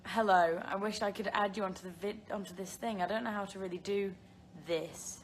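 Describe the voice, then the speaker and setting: Her medium-pitched voice keeps a steady tone at a fairly quick pace, with a little hiss or hum audible. This young British woman chats on a phone live stream, fielding viewer questions while rambling with plenty of fillers and giggles.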